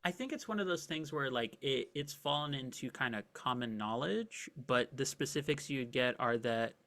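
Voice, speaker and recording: A man's voice: mid-range voice, normal speed, a bit bright. Guy running a tabletop game, laid back scene-setting, lots of likes and ums. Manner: casual and vivid, with many "like" fillers. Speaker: game master.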